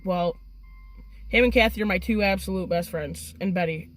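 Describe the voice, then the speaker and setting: A woman telling a story in a casual, excitable way, swearing freely. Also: on the low side, normal speed, no room sound. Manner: profane and excitable.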